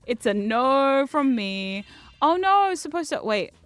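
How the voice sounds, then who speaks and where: A woman streaming a video game, chatting casually with a self-mocking humor and frequent laughs, jumping between loud outbursts and low asides. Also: big pitch swings, takes it slowly, dry recording. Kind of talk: casual chat while gaming.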